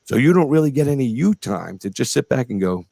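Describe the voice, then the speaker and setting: A man's voice: medium pitch, big pitch swings, fairly quick, creaky, dark tone, dry recording. A middle-aged man hosting a casual interview show over a video call, talking in long rambling stretches full of fillers and swearing. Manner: rambling, profane, lots of fillers.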